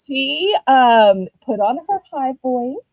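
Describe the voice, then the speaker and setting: A woman with a Southern US accent, chatting casually while running a live-stream auction, animated and full of ums. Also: high-pitched, slow, no echo, highs cut off.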